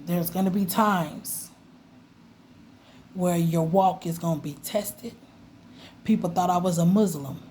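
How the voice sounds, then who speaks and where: A woman vlogging in a casual, animated way about her faith, laughing and mimicking voices as she tells stories. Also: lowish voice, takes it slowly, long pauses, slight background noise. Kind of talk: casual faith talk to camera.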